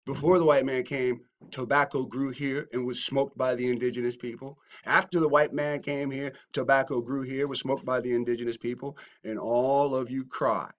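A man ranting in a lo-fi callout video, his voice sitting in a middling register. He mocks his critics, dropping to low mutters and then bursting into shouts. The audio sounds dull and muffled. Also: fairly even intonation, moderate pace, hardly any pauses. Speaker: YouTuber. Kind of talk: confrontational response video rant.

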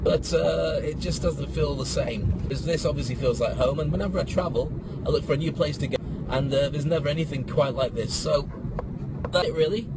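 A man's voice: fairly high pitch, brisk. A man with a northern English accent hosting a rambling, self-deprecating live podcast from his phone while driving. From north of England. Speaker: podcast host. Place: inside a car in city traffic. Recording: loud traffic and road noise.

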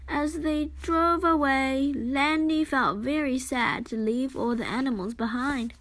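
A woman reading a children's storybook aloud in a gentle, expressive way. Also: high voice, measured pace.

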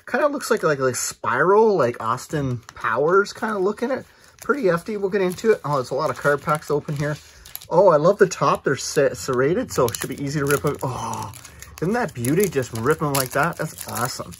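Chatty, slightly husky man opening cards. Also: on the high side. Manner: chatty, excitable, rambling with fillers. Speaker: card collector vlogger. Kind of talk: casual card-opening commentary.

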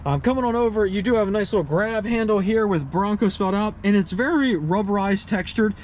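Casual male car reviewer, high-pitched, folksy and upbeat, recorded outside with light background noise. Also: expressive, brisk, a little mellow. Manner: upbeat, folksy, chatty with fillers and little laughs.

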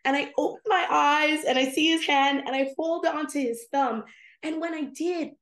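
A woman with a high, bright-pitched voice tells a personal story in a podcast interview. She is animated and expressive, leaping up in pitch when she acts out what she said. The sound carries a roomy echo. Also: moderate pace. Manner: animated, acts out her own past dialogue with big pitch jumps. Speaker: guest, prophetic intercessor.

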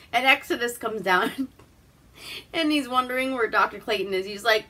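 A woman's voice: fairly high pitch, measured pace, sharp tone. A woman from Alaska hosting a casual movie recap, rambling, swearing and laughing as she goes. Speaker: host.

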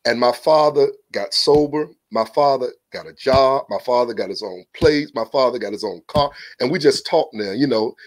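A podcast guest with a mid-range voice speaks at a normal pace with hardly any pauses, telling a personal story casually and earnestly. He often repeats words at the start of a thought, in a casual testimony manner.

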